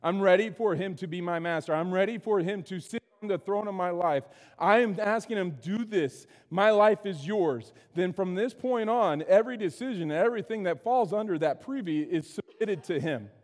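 High-voiced man preaching in a reverberant hall. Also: fairly quick, few pauses. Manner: conversational preaching, frequent "right?" asides. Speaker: pastor. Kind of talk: sermon.

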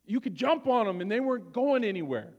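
A man's voice: sits high, sing-song, fairly quick, darkish tone, long reverb tail, dull audio. A male pastor telling a personal story during a sermon, conversational and often checking in with his listeners.

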